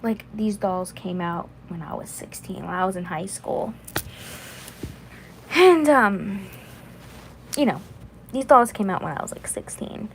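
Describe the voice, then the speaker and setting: A woman's voice: medium pitch, expressive, unhurried, vocal fry, pauses often, slight background noise, low-quality recording. Rambling woman in her twenties. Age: 20s. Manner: rambling, repeats herself. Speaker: vlogger. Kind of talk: casual livestream chat.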